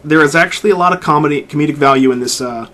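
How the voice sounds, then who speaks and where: A man's voice: a little high, rapid-fire. A man co-hosting a podcast, chatting casually and retelling a video game at length with lots of restarts. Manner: rambling, animated retelling of a game. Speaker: podcast co-host. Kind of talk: casual chat.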